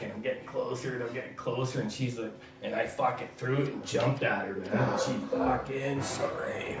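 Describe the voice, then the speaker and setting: A man, swearing freely as he tells animated work stories in casual chat with a friend. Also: mid-range voice, moderate pace, hardly any pauses. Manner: profane, animated anecdotes. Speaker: streamer chatting with a friend. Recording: echoey room, far from mic, loud music behind.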